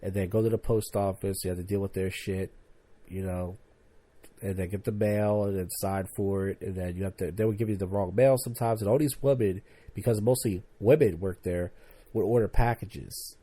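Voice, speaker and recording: A man's voice: low voice, fairly even intonation, moderate pace, warm tone, dry recording. A young man hosting a podcast, ranting casually and profanely about his old job and acting out his coworkers. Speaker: podcast host. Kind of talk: casual monologue.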